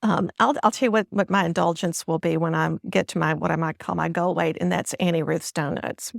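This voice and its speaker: A friendly woman with a Southern US accent talks as a guest in a casual interview, circling back on her words as she goes. Her voice has a gravelly edge, and the recording is dry and close. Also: lowish voice, fairly even intonation, fairly quick, dry recording. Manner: friendly, chatty, with frequent restarts and fillers. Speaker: guest author.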